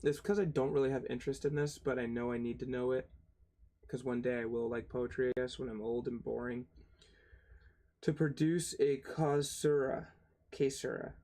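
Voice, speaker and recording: A man's voice: medium pitch, steady tone, normal speed, dark tone. A young man reading a textbook aloud on his channel, stumbling over hard words, spelling them out letter by letter, and grumbling and cursing between passages. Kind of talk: casual read-aloud with asides.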